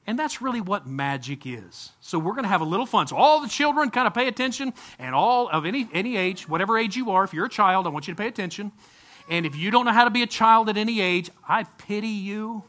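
A man preaching an informal sermon at a baptism service, talking conversationally, with frequent restarts and sudden bursts of excitement. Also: sits high, quick pace. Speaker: pastor.

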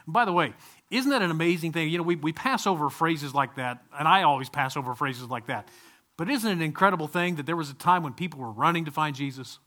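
Middle-aged male preacher, conversational sermon, slightly high bright voice. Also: fast. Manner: conversational, animated, with asides and laughs.

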